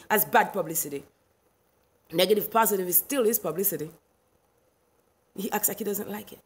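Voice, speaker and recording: This mid-range voice belongs to a middle-aged woman from Haiti, speaking with a Haitian accent as she hosts a live stream. She rants with indignant emphasis, laughs frequently, and responds to comments from chat.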